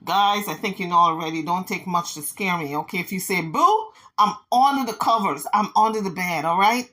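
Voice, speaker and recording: Sassy, bright-voiced woman vlogger. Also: on the low side, a little fast, low-quality recording. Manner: dramatic, playful, exaggerated, sassy asides. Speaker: commentary vlogger. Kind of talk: casual gossip commentary.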